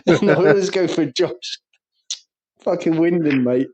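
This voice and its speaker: A man's voice: on the high side, unhurried, a little mellow, breathy edge. An Englishman with a crude, sweary way of talking, telling school stories in casual podcast banter and laughing through them. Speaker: podcast co-host.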